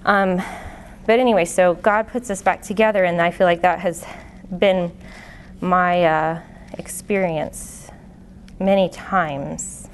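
A woman's voice: on the low side, steady tone, slow, a little hiss or hum. A woman in her late twenties giving an earnest, conversational testimony to a live church audience, with many fillers and restarts. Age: late 20s. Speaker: lay speaker giving a testimony teaching. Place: live venue before an audience. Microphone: handheld or stand microphone.

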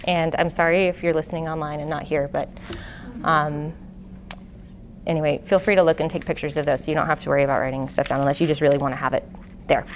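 A woman's voice: sits low, little pitch movement, fast talker, a little hiss or hum. A woman in her late twenties giving an earnest, conversational testimony to a live church audience, with many fillers and restarts. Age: late 20s. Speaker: lay speaker giving a testimony teaching. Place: live venue before an audience. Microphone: handheld or stand microphone.

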